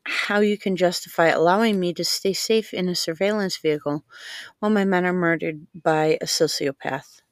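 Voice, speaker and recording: A woman voicing a young, highly trained female agent who speaks evenly while frustrated. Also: normal speed, no echo, studio quality, natural voice. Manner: even, frustrated.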